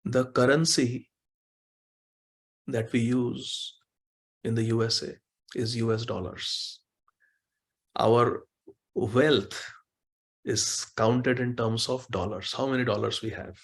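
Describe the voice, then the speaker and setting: A man giving a devotional sermon who acts out quoted dialogue with emotion, often pleading and slowing down on key words. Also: medium pitch, steady tone, breathy edge. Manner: emotive, pleading when voicing quoted lines, stretches words slowly. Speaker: speaker giving a devotional class. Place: temple hall.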